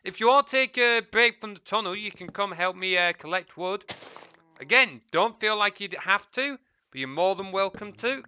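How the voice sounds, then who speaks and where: A man's voice: sits high, lively intonation, normal speed, pushed and bright, smooth, dry recording, highs cut off. A man chatting casually while streaming a game, cursing at mobs and muttering asides to viewers. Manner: swears freely, mutters asides, chats to viewers. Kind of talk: casual gameplay stream chat.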